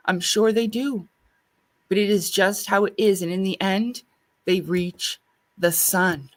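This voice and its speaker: This is an earnest woman with a voice at an ordinary middle pitch. She speaks reflectively and sincerely, as a guest in a relaxed spiritual discussion.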